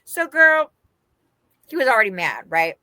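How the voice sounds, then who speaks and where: Woman from Las Vegas, animated storytelling, swooping pitch, bright tone, dry close sound. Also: measured pace, no room sound. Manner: animated, laughing, quoting others in her story. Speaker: podcast co-host. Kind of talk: casual storytelling chat.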